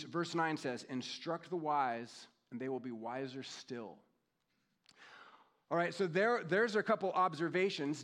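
A man in his fifties delivers a sermon with a somewhat higher-than-usual voice. He talks in a relaxed, conversational way, drawing out scripture readings slowly and reflecting on personal memories. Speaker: pastor.

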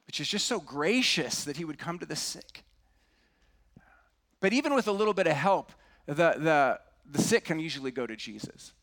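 A middle-aged man preaching a sermon in an earnest way, dropping to a hush on key words. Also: on the high side. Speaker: pastor.

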